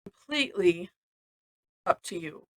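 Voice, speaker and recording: A woman's voice: on the low side, animated, unhurried, rough recording. A woman from Missouri teaching a live-streamed drawing lesson, chatty and rambling, often laughing between steps.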